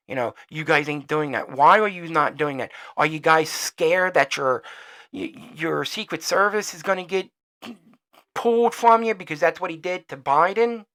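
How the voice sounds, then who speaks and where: A man's voice: fairly high pitch, moderate pace. Profane, rambling man ranting on a podcast. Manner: trails off quieter when signing off. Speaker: podcast host. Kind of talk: solo opinion rant.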